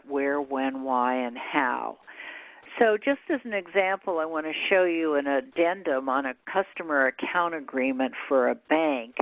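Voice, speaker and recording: A woman's voice: low voice, no room sound. Older woman lecturing over a tinny line. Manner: explanatory, walks through slide examples. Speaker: plain language consultant giving a presentation. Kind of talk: lecture presentation. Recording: dry, tinny phone-like sound.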